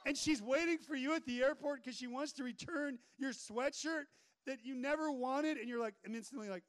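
Male preacher, high voice, animated and joking, live room. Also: a little fast. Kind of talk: energetic sermon. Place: room with an audience.

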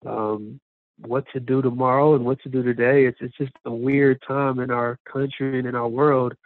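A man's voice: medium pitch, flat delivery, moderate pace, dry recording. A man speaking as an interview guest with a nasal voice from allergies, talking hesitantly with many ums and repeated words in casual chat. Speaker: interview guest, sports writer. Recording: tinny phone-like call audio.

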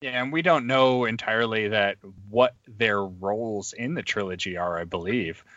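A man hosting a podcast in casual chat, speaking hesitantly with many pauses and restarts. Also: fairly low pitch, a bit bright, no room sound, lo-fi sound. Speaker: podcast host.

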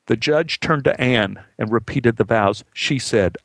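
A man telling a personal story in a measured, heartfelt way, acting out the dialogue as he goes. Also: medium pitch, no echo.

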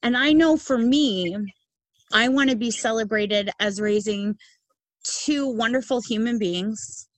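A woman's voice: a little high, measured pace, no echo, poor audio. A middle-aged woman hosting a podcast, talking earnestly and emphatically in a casual conversation, laughing easily. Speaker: podcast host.

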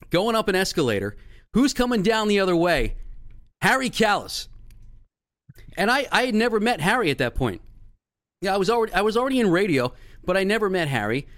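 A middle-aged male host whose lively voice swings up and down as he talks. He sits a bit high for a man and tells his stories at an easy pace. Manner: brief encouraging responses, relaxed anecdotes. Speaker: podcast host. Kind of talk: casual interview chat.

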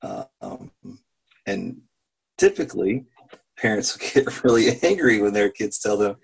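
A man's voice: fairly low pitch, huge pitch swings, slow pace, creaky, pauses often, breathy edge, low-quality recording. A man and father candidly sharing his experience in a group talk, laughing often and restarting his sentences. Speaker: program participant and father.

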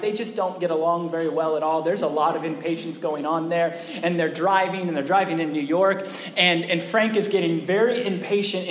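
A male pastor preaching a sermon in a conversational way, often asking the congregation questions. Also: high-pitched. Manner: conversational, asks the audience questions. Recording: echoey hall with faint noise.

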